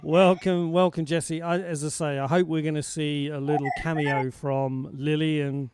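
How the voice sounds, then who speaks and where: A British man with a fairly high, rather flat voice hosts a music show over a video call at a moderate pace, amid crowd noise. In this casual livestream chat, he's talkative, greets viewers warmly and laughs easily.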